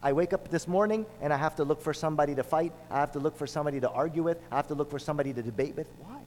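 A man's voice: a little high, racing, darkish tone, slight background noise. Preacher man in a reverberant hall. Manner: storytelling, emphatic with repetitions. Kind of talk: sermon.

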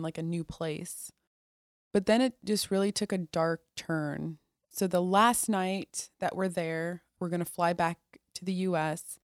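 A woman guest on a podcast telling her personal story in a candid, conversational way, with restarts and moments where she drops soft and quiet. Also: on the low side, no echo, studio quality. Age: adult. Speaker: podcast guest, Air Force officer.

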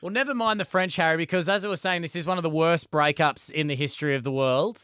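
A man's voice: on the high side, fast talker, fairly bright tone, clean tone, no room sound, studio quality. Joking man podcast co-host. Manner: jokey, laughs often, mock voices for quotes. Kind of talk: casual comedic chat.

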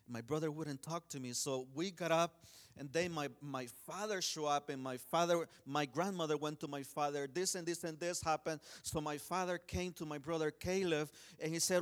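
A man preaching a sermon, telling a personal story in an earnest way, often restarting and saying "you know", swinging between urgent pleas and hushed quiet. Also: on the high side, a little slow.

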